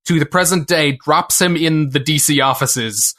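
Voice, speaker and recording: Male co-host, slightly high voice, meandering and hesitant, casual. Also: moderate pace, sharp tone. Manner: rambling, hesitant, many fillers. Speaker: podcast co-host. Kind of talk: casual chat.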